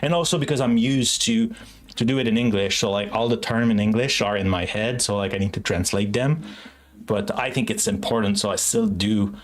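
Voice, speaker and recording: A man's voice: lowish voice, fairly quick. Chatty man with a Quebec French accent. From Quebec, Canada. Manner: rambling, heavy use of "like", frequent restarts. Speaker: live-streaming software developer. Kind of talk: casual livestream chat.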